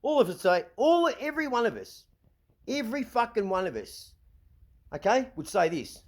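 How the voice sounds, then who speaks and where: A middle-aged Australian man rants into the camera, slightly higher-pitched than most men, agitated and swearing freely. He trips over his words, repeating and restarting as he vents. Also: sing-song, normal speed. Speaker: vlog host. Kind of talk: ranting monologue.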